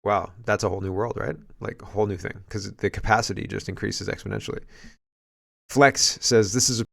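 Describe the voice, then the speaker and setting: A man's voice: lowish voice, steady tone, brisk, vocal fry, a bit bright. A man hosting a political commentary show, musing aloud as he reacts to video clips.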